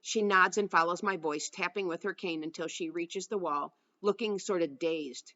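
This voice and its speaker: A woman narrating a first-person novel aloud with a steady storytelling delivery. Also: lowish voice, normal speed, highs cut off. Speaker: audiobook narrator.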